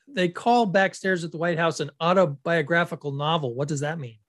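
A woman's voice: low voice, a little fast, no echo, studio quality. A woman in her fifties co-hosting a podcast in casual chat, asking curious questions. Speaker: podcast co-host.

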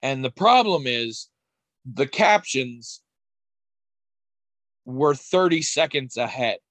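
A man's voice: medium pitch, animated, takes it slowly, a bit bright, no room sound. A man talking in casual podcast chat, rambling and wry, with frequent restarts and casual swearing.

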